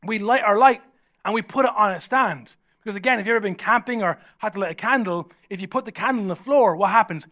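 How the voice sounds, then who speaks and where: A man's voice: sits high, quick pace, pushed and bright. An Irish man, a pastor, preaching a sermon in a humorous, conversational storytelling way. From Ireland.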